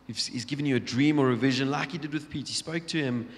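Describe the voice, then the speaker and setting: A man's voice: mid-range voice, quick pace. Man preaching in a reverberant church. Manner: storytelling, acting out Bible scenes, many restarts. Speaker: pastor. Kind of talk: sermon. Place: large church hall. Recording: long church hall reverb.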